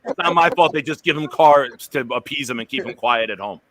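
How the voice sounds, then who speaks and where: A man's voice: medium pitch, brisk. A man hosting a casual live-stream chat, telling stories with energy and swearing freely. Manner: animated storyteller, swears freely. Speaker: show host.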